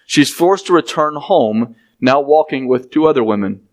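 A man's voice: mid-range voice, expressive, moderate pace. A man, preaching a sermon as he reads scripture aloud and explains it, with conversational asides to the congregation.

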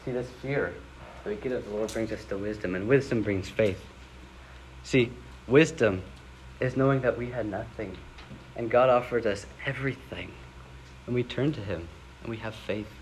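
A man's voice: fairly low pitch, moderate pace, long pauses, a little hiss or hum, rough recording. A young man giving a sermon in a casual, conversational way, rising into dramatic scripture readings. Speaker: preacher.

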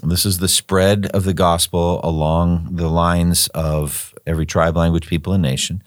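An older man with a very deep voice talks through scripture in an unhurried, meandering way, circling back on his words as he thinks. He sounds like a former missionary sharing what he learned. The recording is dry and close, with no room sound. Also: little pitch movement, no room sound. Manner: thoughtful, rambling, repeats words while thinking. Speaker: Bible teacher, former missionary. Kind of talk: conversational Bible study discussion.

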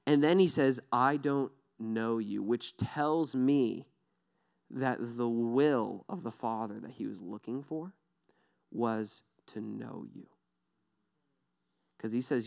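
A man preaching a sermon in a loose, conversational way, acting out quick quotes in different voices. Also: medium pitch, expressive, creaky, fairly bright tone. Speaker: pastor.

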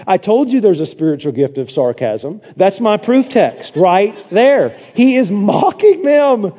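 A man preaching a sermon in a church, dramatic, swinging from hushed to loud with sarcastic asides. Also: sits high, sing-song, moderate pace, hardly any pauses. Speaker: pastor. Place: church sanctuary. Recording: dull, long church reverb.

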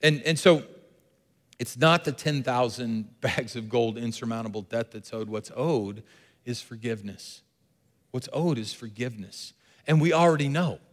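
A man's voice: mid-range voice, normal speed, in a large hall. A man preaching a sermon as pastor, earnest and repeating key phrases for emphasis.

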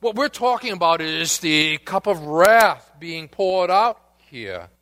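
Bright-voiced slow-preaching man. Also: high-pitched, very animated. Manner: preaching, questions to the congregation, swings from loud to hushed. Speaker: pastor. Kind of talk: sermon.

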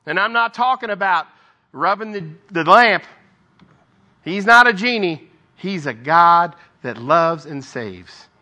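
A man's voice: sits high, lively intonation, slow pace, sharp tone. A man giving an informal Bible devotional, reading scripture aloud and breaking off for conversational asides. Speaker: lay preacher.

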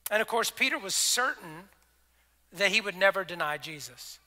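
A man preaching a sermon as pastor, conversational, acting out scripture dialogue and dropping to soft, intimate tones. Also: high-pitched, animated, moderate pace. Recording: long reverb of a large hall.

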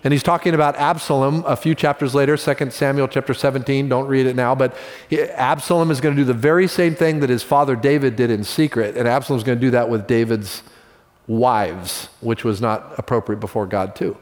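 A male pastor with a medium-pitched voice preaches a sermon in a relaxed, conversational way, telling stories and tossing in quick asides. The sound has a big-room quality.

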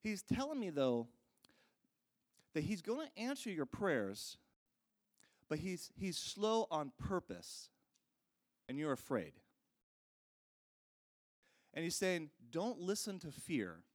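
This preacher's voice sits fairly high and swings widely in pitch as he moves slowly, pausing often. He tells his sermon in an earnest, storytelling manner, addressing the congregation directly as if in conversation.

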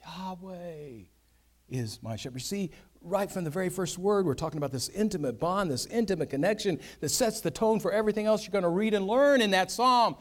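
A man gives a Bible teaching in an earnest, conversational way. He speaks in a fairly high voice and builds his points with vivid everyday examples. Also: fast, few pauses. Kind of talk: sermon.

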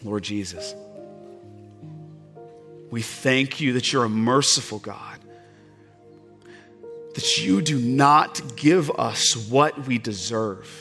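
A man preaching a sermon as pastor, impassioned and swinging from loud, fervent passages to hushed, tender ones. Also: medium pitch, slow pace, long pauses, soft background music.

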